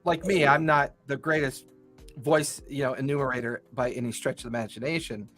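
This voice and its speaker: A man's voice: medium pitch, fairly even intonation, brisk, a bit bright, faint music behind. A man hosting a casual podcast, rambling and repeating his words as he talks. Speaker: podcast host.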